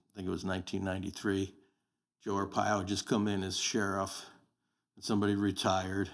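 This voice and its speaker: Older guy in his 60s telling career stories on a podcast, blunt, lowish voice. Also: vocal fry. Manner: plain-spoken, anecdotal, blunt. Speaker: podcast guest, sheriff candidate. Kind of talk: casual storytelling interview.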